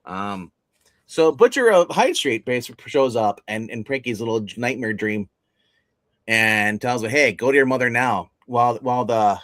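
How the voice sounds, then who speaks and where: A man on a casual comic review livestream, talking with lots of fillers and restarts and getting animated as he retells scenes. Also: medium pitch, moderate pace, no echo. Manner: rambling, many fillers and restarts. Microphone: phone.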